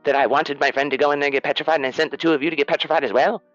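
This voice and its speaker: A man voicing a flamboyant, fussy male gnome shopkeeper who floats on a pillow, speaking in a high, swooping, theatrical voice. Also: fairly even intonation, rapid-fire, a bit bright, no echo, lo-fi sound, faint music behind, close to an everyday voice. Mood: indignant.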